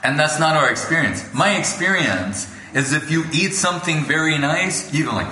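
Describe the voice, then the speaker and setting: A man's voice: on the high side, animated, moderate pace, pushed and bright. A man giving an informal devotional talk to a gathering, telling stories and acting out other people's voices. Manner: storytelling, acts out quoted voices. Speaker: spiritual lecturer. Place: gathering hall. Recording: echoey room with faint background noise.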